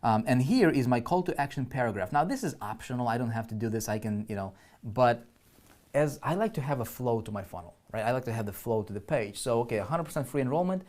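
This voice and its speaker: A man's voice: medium pitch, lively intonation, quick pace, a little mellow. A man teaching online marketing on a live screen-share, chatty and full of "right?" check-ins and restarts, with keyboard typing heard behind him.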